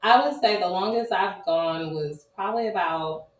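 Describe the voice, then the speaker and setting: A woman guest on a podcast, speaking candidly and laughing often, lively when she mimics relatives. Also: mid-range voice, normal speed, far from the mic. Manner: laughs often, animated when quoting others. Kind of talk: candid casual chat. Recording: roomy echo, off-mic.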